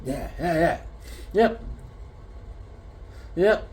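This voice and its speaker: A man chats through his comic collection, swinging between rambling anecdotes and deadpan punchlines. His voice sits a bit higher than most men's and moves around a lot, giving his show-and-tell a lively, animated feel. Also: drawn-out words, slight background noise. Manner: rambling joke-telling storyteller, punchlines. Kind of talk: casual show-and-tell with jokes.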